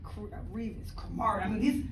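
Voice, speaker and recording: A woman guest speaker giving a motivational talk, telling a lively story, acting out conversations and laughing often. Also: medium pitch, fairly quick, distant mic, slight background noise. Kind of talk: motivational speech. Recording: echoey hall, speaker away from the mic.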